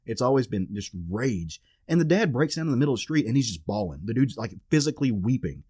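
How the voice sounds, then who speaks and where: Male podcast co-host, mid pitch, animated recapper, dry close mic. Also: quick pace, husky, no echo. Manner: animated retelling, acts out quoted characters. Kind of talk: casual chat recapping a comic.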